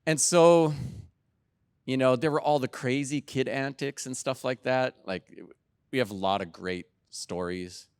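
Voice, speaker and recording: A middle-aged man giving a keynote talk, telling lively family anecdotes and acting out what people said. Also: medium pitch, a little slow, clear, resonant tone, dry recording, studio quality. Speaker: keynote speaker. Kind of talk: storytelling talk.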